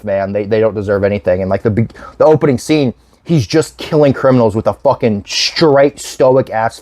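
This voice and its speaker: A man's voice: mid-range voice, darkish tone, no room sound. A man in his twenties rambling casually through a movie vlog, swearing often and breaking into laughter. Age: 20s. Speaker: YouTube host.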